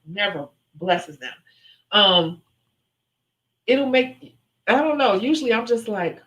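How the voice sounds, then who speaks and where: A woman's voice: a little high, low-quality recording. A young adult woman hosting a live question-and-answer stream, talking casually and candidly and acting out other voices when she retells stories. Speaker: livestream host answering viewer questions.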